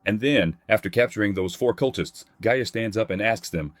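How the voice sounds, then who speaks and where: A man's voice: fairly low pitch, normal speed, no echo. A man narrating a comic recap in a plain scripted read, voicing characters' quotes in his own voice.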